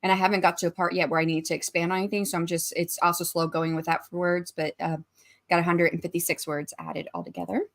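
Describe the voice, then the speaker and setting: A woman's voice: lowish voice, flat delivery, fast talker, gravelly. A woman in her forties hosting a casual writing livestream, chatting, greeting viewers by name and reading out their messages. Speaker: livestream host.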